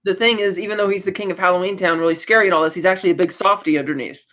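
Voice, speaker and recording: A man with a high voice retells a TV episode for a podcast, briskly acting out each character's lines as he goes. The sound is dull and lo-fi. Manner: animated storytelling, acting out quoted lines. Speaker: podcast co-host. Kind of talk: casual recap of a TV episode.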